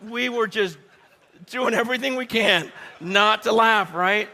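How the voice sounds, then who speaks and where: A man preaching a humorous sermon story, animated and laughing often, speaking straight to his audience. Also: sits high, measured pace. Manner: addresses the audience directly.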